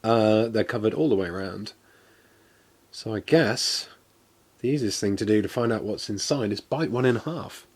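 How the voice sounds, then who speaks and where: A man's voice: lowish voice, moderate pace, darkish tone, husky. Englishman streaming live, loose and self-deprecating, lots of fillers. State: coughing, something went down the wrong way. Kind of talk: casual live-stream taste test.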